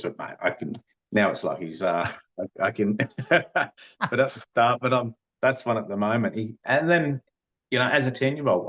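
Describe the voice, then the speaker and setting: A man's voice: fairly low pitch, normal speed, a bit bright. A middle-aged man, telling his story as a podcast guest in an earnest, rambling way. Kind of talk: conversational interview.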